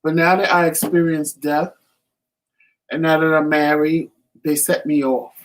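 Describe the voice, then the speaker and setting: A man's voice: fairly high pitch, little pitch movement, unhurried. Reflective guy on a chat show, AAVE, earnest, talks things through. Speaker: co-host. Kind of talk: casual chat.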